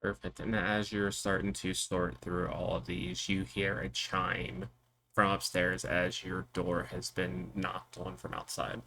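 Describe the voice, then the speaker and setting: A man narrating as game master of a tabletop game, describing scenes calmly. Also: low-pitched, unhurried, slight background noise.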